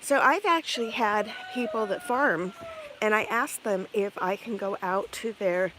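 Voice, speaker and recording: A woman's voice: medium pitch, unhurried. A woman vlogger telling a rambling story while feeding chickens outdoors on a farm, laughing often. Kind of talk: casual storytelling while doing farm chores. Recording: outdoor recording with clear background noise.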